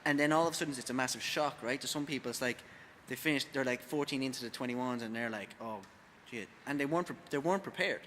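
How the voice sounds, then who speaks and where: An Irish man with a bright, forceful voice co-hosts a casual podcast, speaking in loose, halting sentences full of fillers. His voice carries a long reverb. Faint background noise sits behind him. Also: mid-range voice. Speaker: gym coach and podcast co-host.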